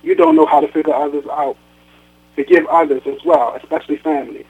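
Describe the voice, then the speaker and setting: A man's voice: fairly high pitch, steady tone, fast talker, a little mellow, slightly rough. A man reading as a reproachful, sarcastic old mother. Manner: sarcastic, reproachful, then sweet. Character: stern, guilt-tripping aging mother on the phone. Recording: tinny phone line.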